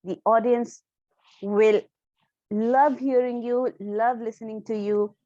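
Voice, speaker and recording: A woman's voice: on the high side, fairly even intonation, mellow, no echo, lo-fi sound. Emphatic woman coaching on public speaking. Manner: emphatic, stresses key words with deliberate pauses. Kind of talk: instructional talk to camera.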